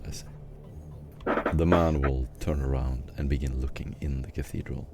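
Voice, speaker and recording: A man narrating a tabletop role-playing game as game master, describing scenes in an unhurried way with fillers. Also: very deep voice, steady tone, heavy background noise.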